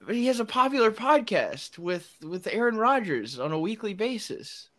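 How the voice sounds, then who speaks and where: A man's voice: high-pitched, very animated, moderate pace, pushed and bright. A man hosting a casual sports podcast, ranting with strong opinions and frequent laughs. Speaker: podcast host.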